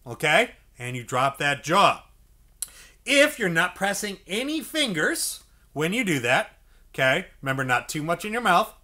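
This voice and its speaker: A man's voice: high-pitched, big pitch swings, measured pace, pushed and bright. A man teaching saxophone, explaining step by step, checking in often with "okay?" and acting out the mouth sounds. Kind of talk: instructional music lesson.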